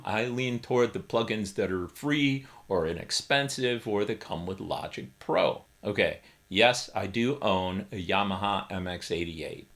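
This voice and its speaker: A middle-aged keyboard YouTuber casually explains music gear in a vlog from his small home studio, using wry, self-deprecating humor. His voice is lowish with a fairly bright tone.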